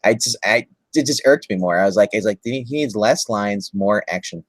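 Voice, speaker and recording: Halting low-voiced man reviewing movies. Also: no echo. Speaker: co-host guest. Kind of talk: casual movie review chat.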